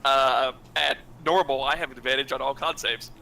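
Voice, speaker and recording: A man playing a tabletop game, joking and slipping into quick in-character lines. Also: mid-range voice, gravelly, slight background noise, poor audio. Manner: animated, jokey, quick in-character asides. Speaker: player. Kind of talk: tabletop role-play chat.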